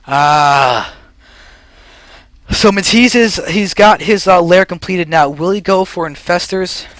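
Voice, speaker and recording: Excitable young man casting a game. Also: sits high, no echo. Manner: excitable, rushes then slows down, lightheaded and short of breath. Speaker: esports caster. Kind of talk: solo game commentary.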